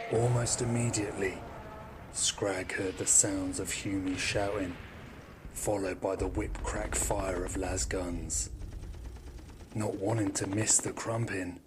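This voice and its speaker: A man narrating an audio drama in measured storytelling, with some hushed, whispery passages. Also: sits low, background noise.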